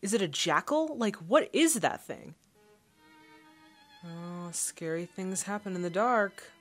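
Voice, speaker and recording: A woman's voice: medium pitch, very animated, normal speed, faint music behind. A woman hosting a casual movie reaction, chatting and thinking aloud as the film plays.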